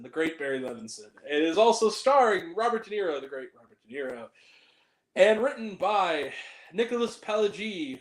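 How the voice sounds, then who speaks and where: A man hosting a casual movie review show, rambling and profane, full of fillers. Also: high voice. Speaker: film review show host. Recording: echoey room.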